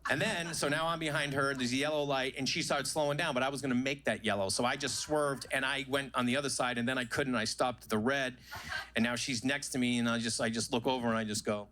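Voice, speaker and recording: A man's voice: mid-range voice, fairly even intonation, quick pace, pushed and bright, a little hiss or hum. A male stand-up comedian telling stories on a club stage in a conversational, self-mocking way, into a handheld mic.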